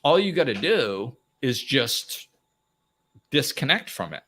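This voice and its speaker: A man's voice: medium pitch, takes it slowly. A man hosting a live motivational talk, speaking plainly and acting out little dialogues. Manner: animated, acts out little dialogues, plain-spoken. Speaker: host.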